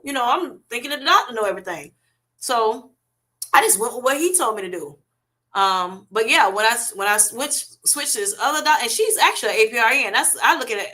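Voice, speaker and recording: Reading comments aloud on her laid-back livestream, a middle-aged woman replies with affectionate chatter, addressing people as "honey" and "baby." She has a fairly high, sharp-toned voice.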